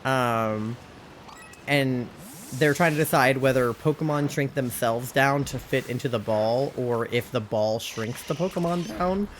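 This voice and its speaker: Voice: mid-range voice, a little slow, a little hiss or hum. A young adult streamer, sick and sounding off from their usual voice, chatting casually and rambling with giggles and lots of fillers. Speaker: Twitch streamer. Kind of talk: casual live-stream chat.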